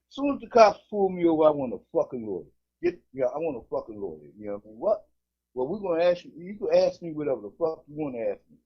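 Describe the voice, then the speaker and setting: A man co-hosts a casual comedic podcast, his voice a little high, fast and husky. He tells animated stories, acts out voices including cops, and swears a lot. The recording sounds dull and lo-fi.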